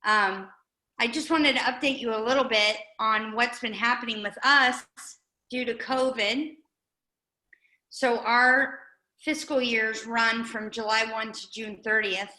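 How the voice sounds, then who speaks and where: Earnest woman speaker, bright voice. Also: a little high, fairly even intonation, measured pace, reverberant, low-quality recording. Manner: earnest, conversational, with fillers. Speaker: guest speaker, nonprofit director. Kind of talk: informal update talk at a meeting.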